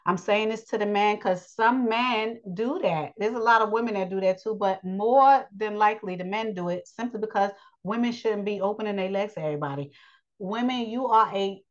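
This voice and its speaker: A woman giving a blunt, preachy spoken lesson on relationships, pausing often with fillers. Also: mid-range voice, muffled recording. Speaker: teacher of a daily lesson.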